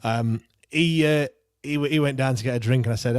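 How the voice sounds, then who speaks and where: A man's voice: mid-range voice, a little fast, a little mellow, no room sound. Chatty man, dry sound. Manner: chatty, laughs often, frequent repeated restarts. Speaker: podcast host reading viewer comments. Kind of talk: casual football fan chat.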